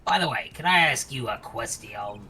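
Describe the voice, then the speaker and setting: A man's voice: medium pitch, animated, normal speed, pushed and bright, slight background noise. A man voicing a scheming young woman in a fan voice-over of a game, sly and mocking.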